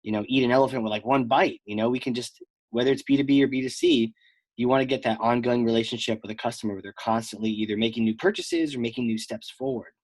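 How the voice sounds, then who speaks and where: A man's voice: mid-range voice, sing-song, quick pace, vocal fry, darkish tone, no room sound. A man hosting a marketing podcast, chatting casually and joking around with his guest. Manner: jokey, playful, breaks into mock voices. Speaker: podcast host. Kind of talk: casual interview chat.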